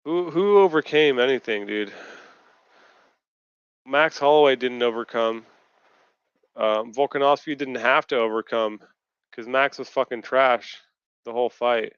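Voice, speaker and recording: A frustrated man rants on a video call, swearing freely as he vents. His voice is smooth and clear at a middling pitch. The stream audio is dry and slightly dull. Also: measured pace, pauses often, no room sound. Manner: profane, ranting, frustrated. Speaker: podcast co-host. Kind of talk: casual post-fight chat.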